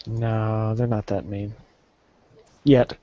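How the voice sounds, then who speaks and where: A man's voice: fairly low pitch, warm tone, no echo. A man in casual chat, laid-back and often stumbling over his words. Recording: dry, muffled lo-fi recording.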